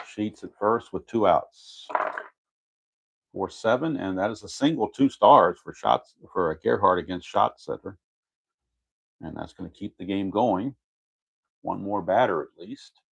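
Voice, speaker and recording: A man's voice: lowish voice, measured pace, creaky, long pauses, slightly rough. A man narrating his tabletop baseball game replay in a casual play-by-play, methodically reading out dice rolls and chart results and correcting himself as he goes.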